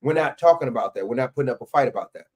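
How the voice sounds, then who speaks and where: A man at an ordinary middle pitch hosts a livestream and reacts to clips. He rants heatedly and swears freely. He often stumbles over fillers and restarts. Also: expressive, racing, darkish tone. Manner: profane, heated ranting with many fillers. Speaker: livestream host. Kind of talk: casual reaction commentary.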